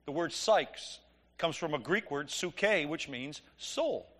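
A middle-aged man preaching, telling an animated, joking story and acting out the dialogue. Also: a little high, slow. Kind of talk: sermon storytelling.

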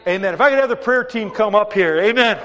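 High-voiced man preaching in an echoing hall. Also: fast talker, lo-fi sound, slight background noise. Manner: animated storytelling, acts out voices in his stories. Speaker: pastor. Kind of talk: sermon. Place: church sanctuary.

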